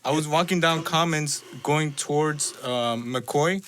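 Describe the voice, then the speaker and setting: A young man, a podcast guest, slowly tells a rambling story, full of fillers and restarts. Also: fairly high pitch, a bit bright, clean tone. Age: young adult. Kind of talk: casual chat.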